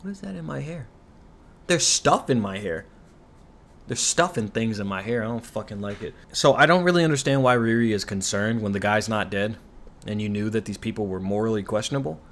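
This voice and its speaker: A man's voice: on the low side, lively intonation, brisk, a bit bright, a little hiss or hum. A man recapping a TV show in a rambling, profane, sarcastic rant, full of asides and complaints. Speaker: commentary YouTuber.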